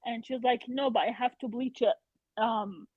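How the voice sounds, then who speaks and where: Woman on a tinny call line, high voice. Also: normal speed, no echo. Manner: animated retelling, acts out quotes. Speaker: podcast guest. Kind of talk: casual storytelling chat. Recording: tinny phone-like remote call.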